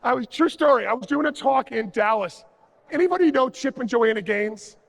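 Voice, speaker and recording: A man's voice: extremely high pitch, lively intonation, brisk, creaky. A man giving a jokey, sarcastic conference talk on stage, acting out little dialogues as he goes. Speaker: conference speaker. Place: large conference hall. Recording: reverberant conference hall.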